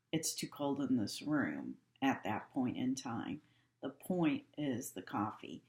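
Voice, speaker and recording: A woman giving a calm, instructive training talk to staff and repeating her key points. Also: a bass voice. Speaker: healthcare trainer. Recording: echoey room.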